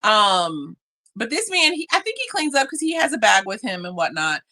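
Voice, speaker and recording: A bright, forward-sounding woman co-hosting a casual podcast. Her pitch swoops up and down as she tells stories, and she acts out quoted lines with a lot of expression. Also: normal speed. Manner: animated storyteller, acts out quotes. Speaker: podcast co-host. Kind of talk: casual chat. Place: living in Japan.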